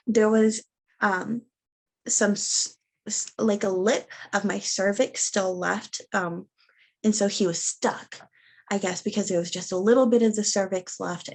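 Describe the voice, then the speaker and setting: Young woman, interview guest, gravelly edge, halting personal storytelling with lots of ums. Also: mid-range voice, darkish tone. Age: young adult. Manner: halting, many fillers and restarts. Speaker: interview guest sharing her birth story.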